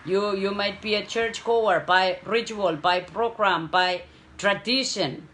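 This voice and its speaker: Island-woman preaching slow, keeps asking "okay?", leans hard on words. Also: mid-range voice, a bit bright. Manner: slow, emphatic preaching with frequent "okay?" checks. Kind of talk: sermon.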